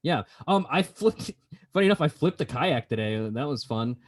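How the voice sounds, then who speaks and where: Animated, playful man hosting a podcast. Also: mid-range voice, moderate pace. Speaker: podcast host. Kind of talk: casual chat.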